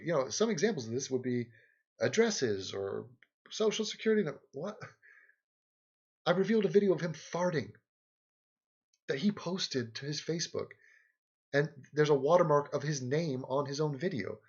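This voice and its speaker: A man's voice: mid-range voice, slightly rough, highs cut off. A man hosting a livestream, rambling sarcastically in casual chat and game commentary, often laughing. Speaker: livestream host.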